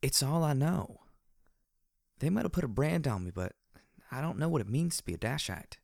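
A man voicing a quiet, earnest young mare soldier in an audiobook. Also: medium pitch, very animated, normal speed, creaky, dry recording, clean studio sound, pitched above the performer's own voice. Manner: soft-spoken. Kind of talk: audiobook character voice.

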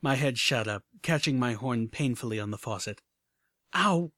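A man reading a story aloud as an audiobook narrator, measured and even. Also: medium pitch, no echo, studio quality. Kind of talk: scripted narration.

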